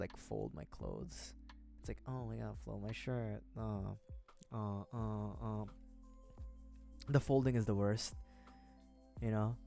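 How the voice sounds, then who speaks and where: A young man streams while putting together a model kit, rambling on to his viewers in a loose, self-mocking way. He swears offhandedly and laughs a lot, with a middling voice. Soft music plays underneath. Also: mid-range voice. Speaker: livestreamer building model kits. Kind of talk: casual rambling chat to viewers.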